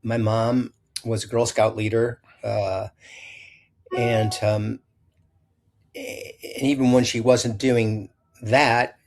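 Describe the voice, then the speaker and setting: An older man, a chef from Illinois, talks at a middle pitch as an interview guest. He tells long, rambling anecdotes, often stopping to correct himself. He acts out quoted lines in livelier voices. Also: little pitch movement, takes it slowly, long pauses, a little mellow. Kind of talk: storytelling interview.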